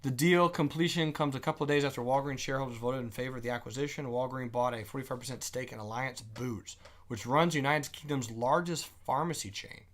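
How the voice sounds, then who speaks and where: A man's voice: medium pitch, fast talker. A man hosting a live stock trading show, giving casual market commentary with joking asides and thinking aloud.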